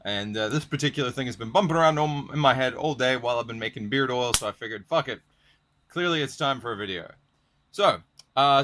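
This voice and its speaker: Young male vlogger, sardonic and swearing, animated delivery. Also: medium pitch. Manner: profane, sardonic, reads aloud from dictionaries. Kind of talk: casual rant to camera.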